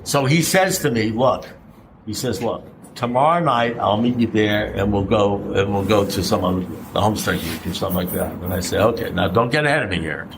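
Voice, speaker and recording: A man's voice: lowish voice, fairly quick, background noise. A middle-aged man speaking at a recovery meeting, blunt and conversational, throwing out rhetorical questions and the odd curse. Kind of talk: personal share at a recovery meeting.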